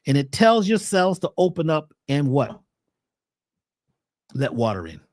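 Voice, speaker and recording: A man presents herbal health advice in a casual livestream, preachy and animated, tossing out rhetorical questions. His voice sits on the high side and he speaks a little slowly.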